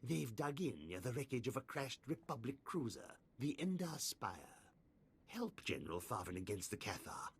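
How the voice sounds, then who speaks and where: An actor playing a brisk male Imperial officer who gives orders in a commanding way. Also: mid-range voice, big pitch swings, husky, exaggerated voice. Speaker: quest-giver.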